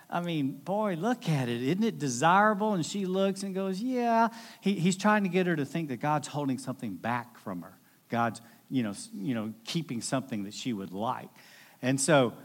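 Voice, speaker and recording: A man preaching a sermon in a conversational, animated way, with jokey asides and acted-out quotes. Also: a little high. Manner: animated, acts out quoted voices. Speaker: pastor.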